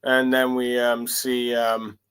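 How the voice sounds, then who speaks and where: A man's voice: medium pitch, completely flat delivery, takes it slowly, a bit bright, clear, resonant tone. A man giving a casual solo review of a manga chapter, hesitant and full of fillers as he reads along. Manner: hesitant, many fillers and restarts while reading along.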